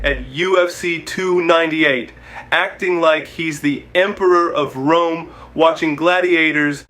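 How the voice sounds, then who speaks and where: A man's voice: high-pitched, a bit bright. A man hosting a show, delivering scripted comedic narration with punchy, wisecracking jokes. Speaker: host.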